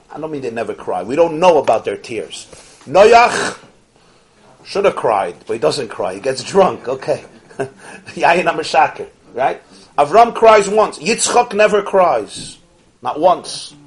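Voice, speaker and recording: A man teaching a Torah class, animated, posing rhetorical questions and swinging from soft asides to emphatic peaks. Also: on the high side, measured pace. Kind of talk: Torah lecture to an audience.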